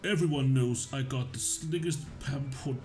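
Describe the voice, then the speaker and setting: A swaggering young bully sneers and taunts, as a man reads him out. The voice sits at a middle pitch. Faint game music plays underneath. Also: normal speed, a little mellow, close to an everyday voice. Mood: taunting. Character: cocky young male bully student.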